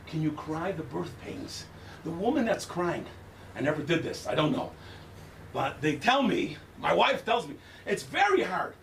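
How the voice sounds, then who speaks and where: An older man giving an impassioned Tisha B'Av lecture in a synagogue, shouting at its peaks and using Hebrew terms with a Yiddish-style pronunciation. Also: sits high, roomy sound. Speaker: guest speaker. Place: synagogue hall. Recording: distant room mic with faint noise.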